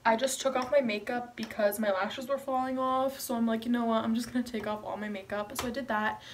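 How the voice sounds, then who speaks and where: A woman's voice: a little high, steady tone, a little fast, a little hiss or hum. A young woman chatting to camera in a casual vlog, bubbly and gushing, giggling often. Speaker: vlogger.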